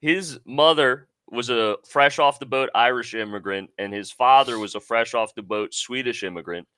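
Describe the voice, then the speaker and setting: A man in casual stream chat, animated and opinionated, laughing between points. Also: mid-range voice, normal speed, smooth, dry recording, studio quality. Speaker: co-host.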